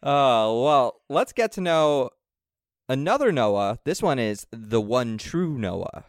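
A man's voice: mid-range voice, very animated, slow pace, no room sound, studio quality. A man hosting a comedy podcast in casual chat, hesitant and full of fillers. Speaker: podcast host.

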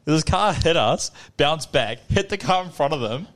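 A man's voice: on the high side, expressive, normal speed, a bit bright. A young man telling a rambling story on a casual podcast, swearing and laughing as he goes. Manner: rambling, swears a lot, laughs at his own stories. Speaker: podcast co-host. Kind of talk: casual chat.

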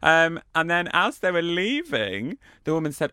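Animated man telling stories. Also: on the high side, normal speed, clean tone, dry recording, studio quality. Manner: animated storytelling, acts out voices of others. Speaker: co-host. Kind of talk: casual chat.

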